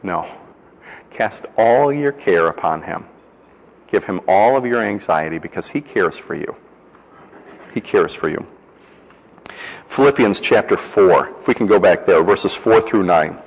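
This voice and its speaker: A man's voice: deep voice, lively intonation, a little slow, long pauses. Earnest male pastor preaching in a reverberant hall. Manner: earnest, repeats key phrases, leads congregation in reciting. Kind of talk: sermon. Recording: long reverb of a large hall.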